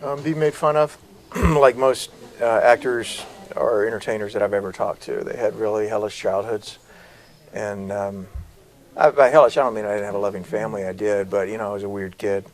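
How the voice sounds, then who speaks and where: A middle-aged man from South Carolina, an actor telling stories as a guest in an interview, with lively, varied delivery. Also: lowish voice, moderate pace, rough recording. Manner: animated storyteller, varied delivery. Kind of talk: interview conversation.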